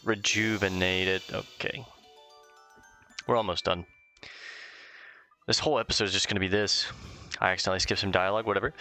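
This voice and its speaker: Brief: an offhand gamer man, a bit gravelly, faint game music underneath. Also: low voice, fairly even intonation, fairly quick, pauses often, bright, forceful tone. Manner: offhand, swearing, frustrated. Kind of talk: let's play commentary.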